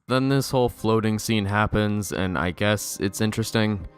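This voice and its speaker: A man's voice: fairly low pitch, moderate pace, smooth, dry recording. Sarcastic young man, exasperated movie rant, swearing, dry close sound. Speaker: video reviewer.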